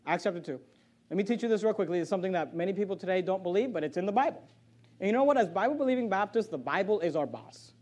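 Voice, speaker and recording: A man preaching a sermon, reading scripture aloud with loud swells and sudden drops. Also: high-pitched, lively intonation, racing. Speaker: pastor.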